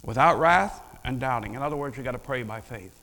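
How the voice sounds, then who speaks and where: A male pastor delivering a sermon in an animated, conversational way, asking the congregation questions. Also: mid-range voice, fairly quick. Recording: long reverb of a large hall.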